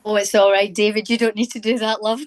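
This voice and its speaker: A woman's voice: medium pitch, flat delivery, fast, slight background noise. A woman drama teacher joining a video call from a phone, friendly and chatty. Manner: friendly and chatty, laughs easily. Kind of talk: casual group discussion.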